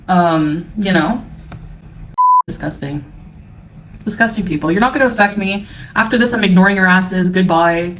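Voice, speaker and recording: Scornful woman ranting on a livestream. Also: medium pitch. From Canada. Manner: profane, scornful, defensive. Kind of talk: angry livestream rant.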